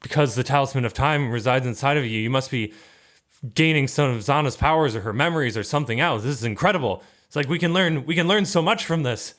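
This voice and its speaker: A man voicing an eager male scientist who talks in an excitable, rushed way. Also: mid-range voice, voice pushed up, close to an everyday voice. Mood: excited.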